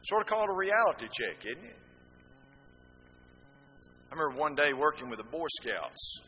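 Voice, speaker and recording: A man's voice: fairly high pitch, big pitch swings, moderate pace, bright, forceful tone, big-room sound, slight background noise, poor audio. A man preaching a sermon, telling folksy stories with rhetorical asides.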